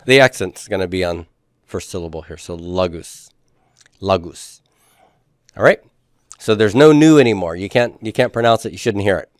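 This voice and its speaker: A man's voice: on the low side, animated, brisk, no room sound, clean studio sound. A man teaching a classroom lecture, explaining step by step and checking in with the students, with the odd playful joke. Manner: explains step by step, often checks understanding with "right?" and "okay?"; playful with jokes and puns. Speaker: Greek teacher.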